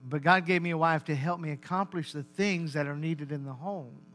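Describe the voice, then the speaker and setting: A man pastor delivering a sermon, animated and repetitive, calling out to the congregation. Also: fairly high pitch, normal speed. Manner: animated, repeats words, calls to congregation.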